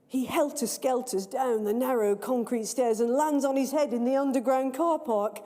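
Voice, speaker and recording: A woman reading her own story aloud at a live event in a large library hall, with expressive, measured storytelling. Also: high voice. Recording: long reverb of a large hall.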